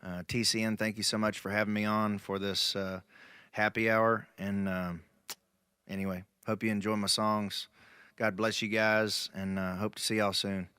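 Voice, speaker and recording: A man's voice: on the low side, flat delivery, normal speed, pushed and bright, clean tone, dry recording. A man, a musician introducing his song in a plain, friendly way. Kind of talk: casual spoken intro.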